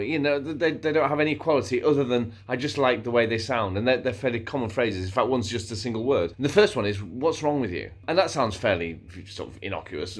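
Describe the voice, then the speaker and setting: Meandering, animated man vlogging. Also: mid-range voice. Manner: meandering, self-interrupting, playfully animated, slips into silly voices. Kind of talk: casual rambling monologue to camera.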